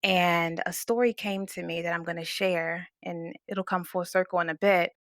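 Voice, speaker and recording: A woman's voice: lowish voice, steady tone, normal speed, fairly bright tone, dry recording, clean studio sound. A woman from Baltimore in her thirties, talking casually and thoughtfully as a podcast guest, full of "like" fillers. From Baltimore, United States. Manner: thoughtful, leans heavily on "like" fillers. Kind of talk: casual reflective conversation.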